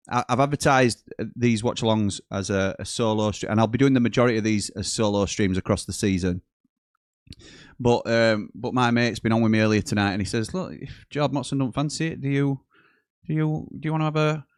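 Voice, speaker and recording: A man's voice: on the low side, dry recording, studio quality. Chatty man hamming up a Welsh accent. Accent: deliberately exaggerated Welsh accent. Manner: chatty, rambling, self-correcting. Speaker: football watch-along host. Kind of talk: casual live-stream chat.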